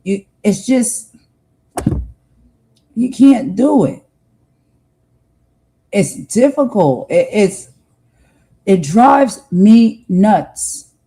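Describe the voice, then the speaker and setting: Earnest, mellow-voiced American woman streaming. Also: medium pitch, lively intonation, drawn-out words, long pauses, husky, rough recording. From United States. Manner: heartfelt, repeats herself for emphasis, speaks straight to viewers. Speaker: livestream host. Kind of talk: earnest livestream monologue.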